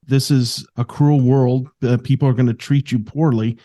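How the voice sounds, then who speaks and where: A man hosting an interview show, responding to his guest calmly and supportively. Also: mid-range voice, normal speed. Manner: calm, supportive, reflective. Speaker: podcast host. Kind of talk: casual interview talk.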